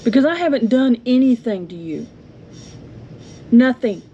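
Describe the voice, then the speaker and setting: A woman's voice: fairly high pitch, expressive, unhurried, a little mellow. A woman angrily venting at a neighbor, indignant and confrontational, in a home vlog. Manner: indignant, confrontational, rhetorical questions. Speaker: homestead vlogger. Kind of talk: angry venting monologue. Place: home with yard being mowed. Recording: dull lo-fi audio with faint noise.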